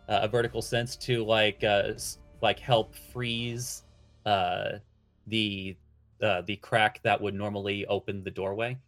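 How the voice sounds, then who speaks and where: A man playing a tabletop game, describing his moves haltingly with many fillers. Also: lowish voice, a bit bright. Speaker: player.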